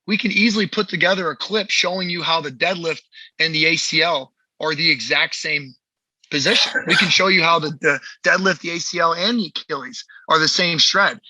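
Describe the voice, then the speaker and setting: A man's voice: a little high, brisk, bright, forceful tone, no room sound, rough recording. A man hosting a podcast as a movement coach, talking in a blunt, heated and profane way. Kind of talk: casual podcast chat.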